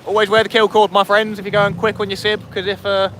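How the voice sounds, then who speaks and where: A man's voice: high-pitched, little pitch movement, quick pace. Chatty man on a noisy boat. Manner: chatty, banters with viewers. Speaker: fishing vlogger. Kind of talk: casual live-stream chat. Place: small inflatable boat at sea, outdoors. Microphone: camera on the boat. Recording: wind and boat engine noise.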